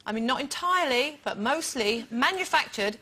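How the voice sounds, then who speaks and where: A woman panelist on a daytime TV chat show in a studio, animated and giggly. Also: high-pitched, moderate pace, slightly rough.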